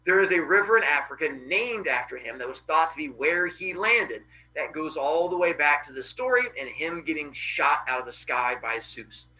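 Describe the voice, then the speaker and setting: A man hosting a podcast, casually retelling Greek myths with animated voices for the characters. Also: on the high side, normal speed, few pauses, echoey room, distant mic, low-quality recording. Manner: animated, acts out characters' cries. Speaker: podcast host.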